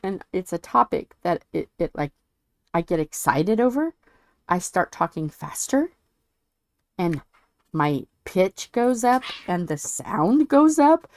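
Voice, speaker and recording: A woman's voice: lowish voice, big pitch swings, takes it slowly, no echo. A woman with a stuffy head cold chatting casually with viewers while she works on a craft, rambling and tripping over some words. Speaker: diamond painting channel host.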